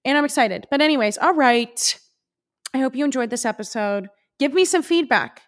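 Bubbly young woman rambling on her podcast, kinda high voice, super excited. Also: moderate pace. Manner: bubbly, gushing, animated. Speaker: podcast host. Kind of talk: solo casual podcast chat.

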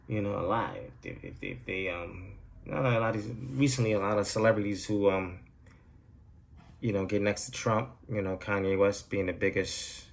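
A man's voice: on the low side, gravelly, darkish tone. A man hosting his own podcast, talking in a loose, profane, rambling monologue and laughing at his own jokes, recorded at home. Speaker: podcast host. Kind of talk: casual solo monologue.

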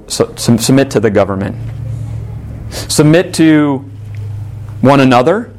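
A man's voice: mid-range voice, animated, normal speed, a little mellow. A man, the pastor, preaching an earnest sermon with emphatic repetition.

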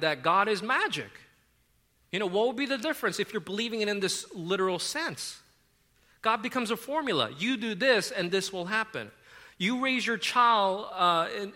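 High, bright-voiced man preaching casually. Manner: casual, rambling, frequent fillers and self-corrections. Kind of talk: conversational sermon.

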